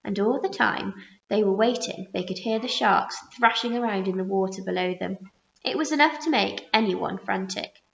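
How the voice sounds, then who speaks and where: A woman teacher reading a children's story aloud with expressive storytelling. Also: mid-range voice, normal speed, gravelly. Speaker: primary school teacher. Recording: roomy muffled recording.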